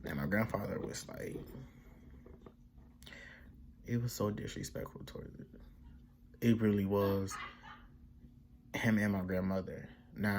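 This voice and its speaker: A young man with a low, gravelly voice tells a personal story in a loose, rambling way. He leans on slang and restarts, and switches into other voices whenever he quotes his family. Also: darkish tone, slight background noise. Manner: slips into voices when quoting family. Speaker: vlogger. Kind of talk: casual storytime vlog.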